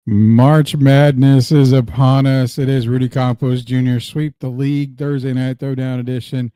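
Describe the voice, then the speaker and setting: Mellow guy hosting a sports show, dry close sound, just chatting about the games. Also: medium pitch, moderate pace, clear, resonant tone, no room sound. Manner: relaxed, chatty opinions on games. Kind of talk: casual sports talk.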